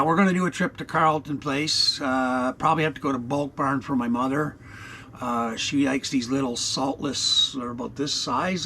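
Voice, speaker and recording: A gravelly-voiced man in his sixties, talking off the cuff into an action camera inside his RV. He rambles, swears freely and fills the gaps with "uh" and "you know", pitched a touch higher than most men, with faint room hiss behind. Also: a bit bright. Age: 60s. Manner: rambling, blunt and profane, many fillers. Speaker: vlogger. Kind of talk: unscripted rambling vlog.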